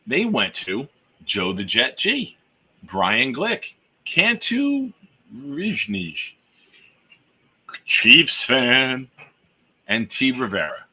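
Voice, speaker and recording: A man hosting a live fan show, reading out gifted memberships to the chat with exuberant hype-man shout-outs. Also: lowish voice, breathy edge.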